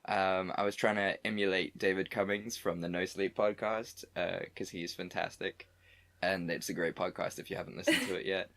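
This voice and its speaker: A man co-hosting a casual comedy podcast, with a slightly low voice. He talks loosely and rambles, padding his lines with fillers and circling back to his welcomes. The chat is friendly and unscripted. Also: steady tone, normal speed, fairly bright tone. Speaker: podcast co-host.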